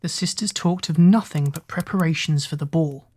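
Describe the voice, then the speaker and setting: A woman narrating a bedtime fairy tale for children in a calm, soothing way. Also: sits low, normal speed, husky. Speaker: storyteller.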